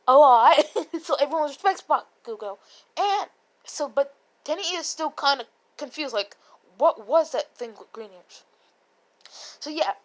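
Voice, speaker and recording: Rambling, profane high-voiced woman storyteller. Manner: rambling, profane, laughing, with self-corrections. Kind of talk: casual fan story retelling.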